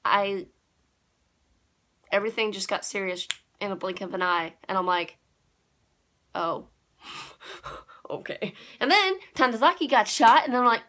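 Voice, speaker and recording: A young woman reviewing an anime episode in a casual, gushing way, with sudden excited jumps in pitch. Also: moderate pace.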